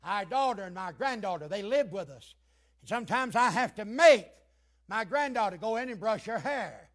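An older man preaching a sermon, moving between hushed storytelling and fervent shouting. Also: sits high, animated, moderate pace.

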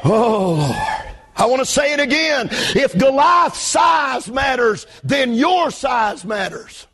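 A male pastor delivers a fiery revival sermon, his voice pitched unusually high. It has a husky, raspy edge as he shouts and half-chants his points from a church pulpit. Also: animated, slow. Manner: shouted, chanting preaching cadence.

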